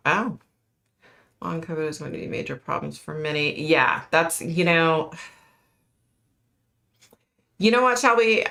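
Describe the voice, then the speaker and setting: A woman's voice: deep voice, vocal fry, sharp tone. A middle-aged woman hosting a casual livestream, chatting and answering viewer comments. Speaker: livestream host.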